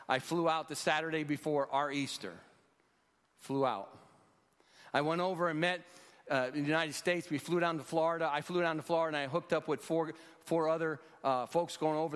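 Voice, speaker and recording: A man in his sixties who heads a rescue mission gives an earnest, story-driven testimony at a church, preacher-style. His voice sits on the high side with a fairly bright tone, and the hall reverb is long.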